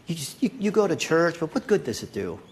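A man's voice: on the high side, very animated, fairly quick. A man voicing a scornful inner voice that belittles and condemns the listener. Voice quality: sneering, scornful.

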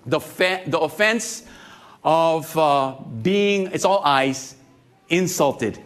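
A pastor in his fifties preaches a sermon in a conversational way, cracking jokes and putting questions to the congregation. His voice is on the high side and a bit bright, and he takes his time.

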